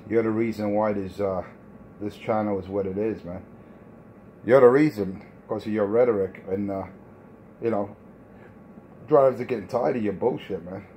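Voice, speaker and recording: A man's voice: lowish voice, moderate pace, pauses often, warm tone, a little hiss or hum. A man trash-talking over the radio, taunting and repeating himself, with plenty of profanity. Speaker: CB radio talker.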